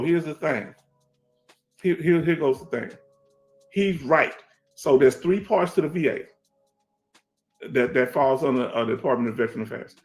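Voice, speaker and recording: Soft music plays under a medium-pitched voice that moves at a moderate pace with long pauses. It belongs to a middle-aged veteran hosting a relaxed livestream on a headset, a streetwise man from Houston, Texas with a Houston Black American English accent. He reads chat, speaks emphatically, repeats himself and keeps asking "you understand?"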